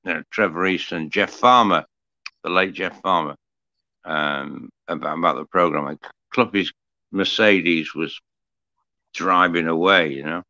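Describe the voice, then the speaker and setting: A man's voice: low voice, measured pace, pauses often, sharp tone, no echo. An older man, a former TV presenter, telling a chatty story as an interview guest with lots of restarts and asides. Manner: chatty storyteller with frequent restarts and "you know". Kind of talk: casual interview anecdote. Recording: slightly muffled dry audio.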